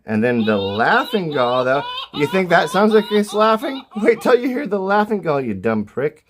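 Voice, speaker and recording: A man's voice: sits high, very animated, moderate pace. A man hosting an irreverent comedic walkthrough of a bird sound book, swearing freely and rambling between mock-serious asides. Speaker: host reading through a bird sound book. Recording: noisy recording with bird calls playing. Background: bird calls played from a sound book.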